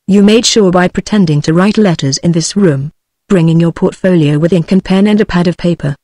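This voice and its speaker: A text-to-speech narrator reading a detective story in an even, mechanical way. The pitch sits mid-range and the sound is dry and close, with no room around it. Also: fairly quick, no room sound. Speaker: audiobook narrator.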